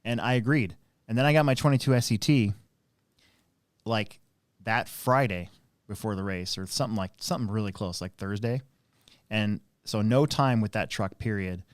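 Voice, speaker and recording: The host, who also operates an RC track, rambles through racing stories on a laid-back live stream, stuffing them with fillers and restarts. His voice sits on the low side at a moderate pace, in a clean studio recording without echo.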